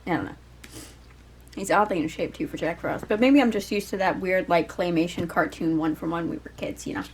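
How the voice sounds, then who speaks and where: A woman's voice: lowish voice, fairly quick, slight background noise, low-quality recording. A woman doing a casual, rambling tarot reading for her viewers, full of fillers, asides and the odd swear word. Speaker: tarot reader.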